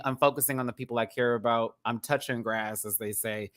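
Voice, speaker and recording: A man hosting a casual live-stream rant, chatty and rambling, with sudden bursts of high laughter. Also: fairly even intonation, a little fast, a bit bright, dry recording, clean studio sound. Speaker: YouTube commentary host.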